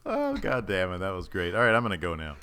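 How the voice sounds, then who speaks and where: Guy cohosting a podcast, kinda low voice, swears a lot, jokes around. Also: wildly swooping pitch, fast talker, background noise. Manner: profane, jokey, laughs often. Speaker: podcast co-host. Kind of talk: casual chat.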